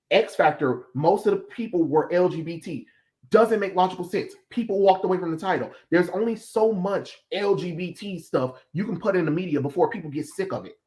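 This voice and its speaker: A man's voice: sits high, fairly quick, a little mellow. A man hosting a livestream chat, ranting in a heated, blunt way with some profanity. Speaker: stream host. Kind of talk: casual chat.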